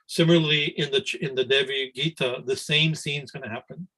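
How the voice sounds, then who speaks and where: A man's voice: medium pitch, steady tone, brisk, few pauses, pushed and bright, poor audio. Conversational man giving a spiritual discourse. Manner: rambling, conversational, frequent "right?" and restarts. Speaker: swami teaching scripture class. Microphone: video call.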